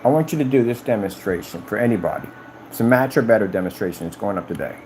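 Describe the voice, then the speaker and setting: A man talking casually on a live stream about his company's products, boastful and animated, often acting out conversations in a raised voice. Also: fast, slight background noise, poor audio. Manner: animated, boastful, retells conversations in high-pitched quoted voices.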